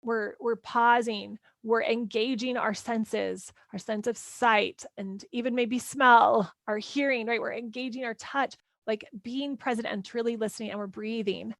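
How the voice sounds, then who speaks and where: A woman coaching parents in a live workshop, talking in a loose, chatty way. Her voice sits fairly high. The sound is dry and close, with no room echo. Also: steady tone, measured pace, creaky, hardly any pauses, a bit bright. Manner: casual, chatty, lots of "like" and "right?".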